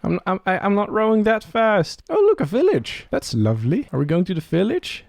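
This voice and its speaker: A young man chats through his Let's Play, talking to the game's creatures and asking excited questions that rise at the end. His creaky voice sits high and runs fairly quick, and there's no room sound.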